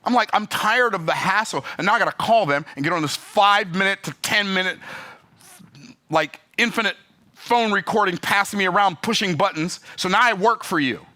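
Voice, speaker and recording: Man for a vlog rant: emphatic, sarcastic, bright forceful tone. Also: high-pitched, fairly quick. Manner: exasperated, emphatic, sarcastic asides. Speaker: business vlogger. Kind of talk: animated storytelling rant.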